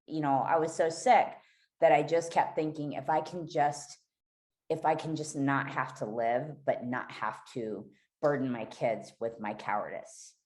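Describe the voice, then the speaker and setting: A woman's voice: deep voice, fairly even intonation, unhurried, darkish tone. A woman guest on a podcast, candidly telling a raw, emotional personal story and swearing freely.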